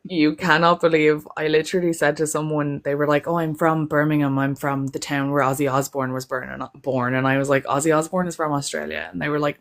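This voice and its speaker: A woman's voice: low-pitched, level tone, fairly quick, hardly any pauses. A young adult woman from Ireland with an Irish accent, chatting as a panel guest and telling stories with frequent laughter. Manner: chatty storyteller, laughs often. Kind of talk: casual chat on a call.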